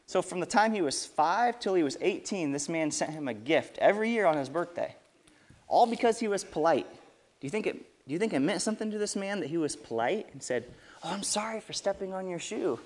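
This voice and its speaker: Animated guy telling kids a story, voice bouncing all over, keeps asking them stuff. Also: a little high, brisk. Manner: lively, asks the kids questions. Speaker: children's storyteller. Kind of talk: reading a story to children.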